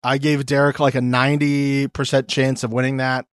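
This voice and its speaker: A man's voice: moderate pace, no echo. A man co-hosting a podcast, chatting casually and animatedly, swearing and mimicking others. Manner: animated, swears, mimics people in high voices. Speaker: podcast co-host. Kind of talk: casual recap chat.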